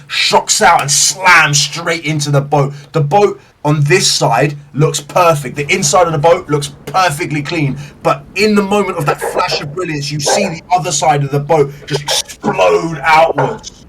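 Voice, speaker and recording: A man runs the game as narrator, laying out each scene slowly and vividly, with frequent swearing. He sits somewhat back from the mic, and a faint background hiss runs under his voice. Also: fairly high pitch, a bit bright, far from the mic. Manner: vivid, swears freely, slow deliberate narration. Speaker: game master.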